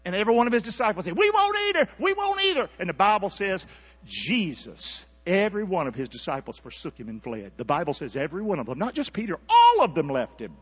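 A man preaching a sermon, calling out to the congregation and swinging from near-whispers to shouts. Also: high voice, very animated, fast, breathy edge, in a large hall, muffled recording. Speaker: pastor. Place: church sanctuary.

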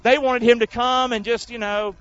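A man's voice: very high voice, little pitch movement, moderate pace, fairly bright tone, no echo. A male preacher, delivering a sermon in call-and-response style and acting out the crowd and soldiers. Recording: dull lo-fi sound.

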